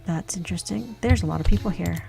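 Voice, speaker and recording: A young woman talks through a farming game in a low, relaxed register, thinking aloud as she plays. Her voice has a gravelly, fried edge, with soft game music faintly behind. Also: fast. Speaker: gaming youtuber. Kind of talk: casual gameplay commentary.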